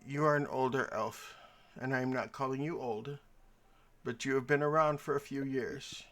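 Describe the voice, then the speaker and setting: A man's voice: fairly even intonation, normal speed, fairly bright tone. Man, game master, theatrical storyteller, mid-range voice. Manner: theatrical, storytelling with shifting pitch. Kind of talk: narrating and voicing characters in a tabletop game.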